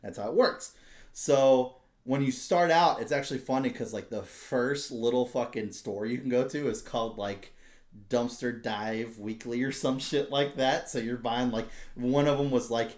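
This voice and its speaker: A man hosting a podcast, telling a story in casual, profane, animated chat, with a noticeable echo around him. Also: medium pitch, moderate pace. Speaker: podcast host. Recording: roomy echo.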